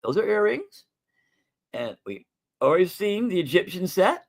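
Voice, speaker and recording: A man's voice: high-pitched, very animated, normal speed, creaky. A man hosting a casual livestream sale of coins and jewelry, chatty and folksy, calling viewers "folks.". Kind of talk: casual live sales stream.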